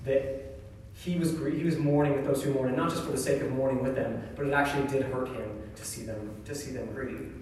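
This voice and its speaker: A man's voice: mid-range voice, steady tone, fairly quick, a little mellow. Man, church speaker, chatty and reflective talk, heard from a distance in a big reverberant hall with faint room noise. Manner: casual and reflective, often asks "right?". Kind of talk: conversational scripture talk. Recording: echoey hall from far off.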